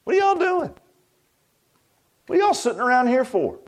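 A preacher playing a bold young country shepherd. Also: male voice, very high voice, sing-song, moderate pace, voice pushed up. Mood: incredulous.

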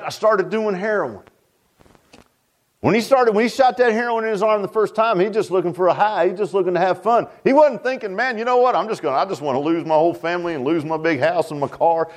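A man preaching a sermon in a folksy, emphatic way, swooping between high and low.

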